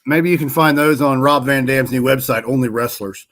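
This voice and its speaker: A man's voice: medium pitch, moderate pace, a bit bright. A man co-hosting a laid-back podcast, talking through wrestling results in a loose, rambling way. He often stops to correct himself and backtracks mid-sentence. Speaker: podcast co-host. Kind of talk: casual chat about wrestling.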